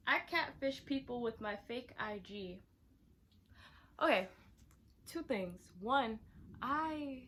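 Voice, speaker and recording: A young woman vlogger chatting casually as she reads out viewer confessions, animated and exclaiming, with sudden loud outbursts and quiet asides. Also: mid-range voice, a little hiss or hum.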